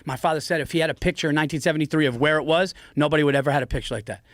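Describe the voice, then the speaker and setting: A man in his forties telling a story in an animated, profane way on a podcast, often slipping into an impression of his father. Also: on the high side, racing, dry recording, studio quality. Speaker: guest. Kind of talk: casual storytelling. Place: podcast studio. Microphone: studio mic.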